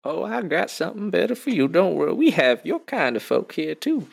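A man's voice: high voice, very animated, brisk, gravelly, husky, pitched above the performer's own voice, exaggerated voice. A man voicing a friendly male robot janitor with six arms, with a folksy drawl and a kindly, teasing manner.

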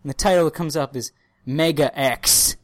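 A woman with a notably low voice holds the floor in a casual podcast chat, excitable and profane as she tells a story. She keeps breaking into little acted-out voices. The sound is dry and close to the mic. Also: moderate pace, dry recording. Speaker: podcast co-host.

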